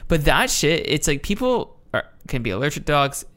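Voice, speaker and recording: Role: podcast host. Style: casual chat. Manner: heated, profane rant with frequent restarts. Pitch: middling. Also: very animated, fairly quick, a bit bright. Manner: ranting, profane, with many restarts.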